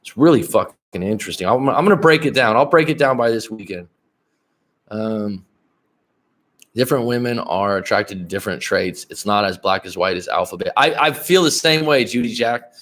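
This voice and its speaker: A man's voice: lowish voice, lively intonation, normal speed, a bit bright. A middle-aged man talks through a casual dating-coaching livestream in a blunt, profane way. He rambles, restarts his sentences and calls out to viewers in the chat by name.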